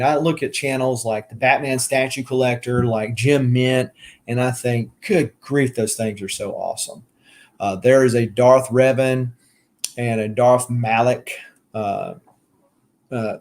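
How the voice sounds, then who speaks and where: A man with a Southern US accent hosting a casual live stream, rambling with many fillers and restarts as he answers viewer comments. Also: medium pitch. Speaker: collector channel host.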